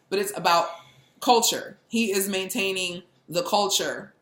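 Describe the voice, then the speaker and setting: A young adult woman hosting a casual political chat, animated and laughing, often mimicking people. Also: medium pitch, moderate pace. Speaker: podcast host. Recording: echoey room.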